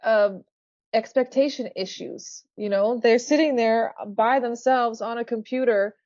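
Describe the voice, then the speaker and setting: A woman's voice: a little high, measured pace, darkish tone, no room sound. A woman who sings in a band, a guest in a casual interview, talking earnestly and laughing easily. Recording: dull lo-fi dry sound.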